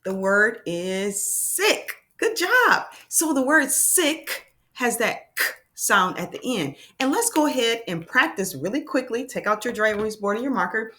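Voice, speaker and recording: A woman teaching young children a phonics lesson, sounding out letters slowly and with exaggerated emphasis. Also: fairly high pitch, animated, sharp tone.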